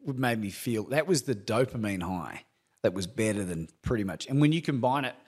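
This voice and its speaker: A middle-aged man, a coach speaking candidly as a guest, animated and laughing often. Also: fairly low pitch, fairly quick, husky. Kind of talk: candid conversational storytelling.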